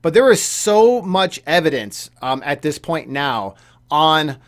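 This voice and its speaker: Slow and sing-song, this slightly high male voice belongs to a young gaming YouTuber on a casual, heated rant. He repeats himself and often stumbles into stammered restarts.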